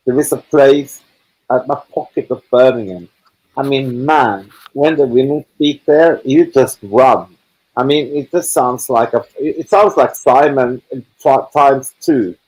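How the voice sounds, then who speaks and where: A man's voice: medium pitch, a little mellow, low-quality recording. Blunt rambling man in casual chat. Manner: blunt, swearing, rambling with restarts. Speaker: live chat participant. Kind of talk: casual group video chat.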